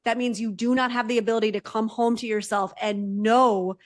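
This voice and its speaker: A woman's voice: a little high, steady tone, brisk, no room sound. A woman psychotherapist talking as a podcast guest, direct and emphatic, often checking in with "right?". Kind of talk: podcast conversation.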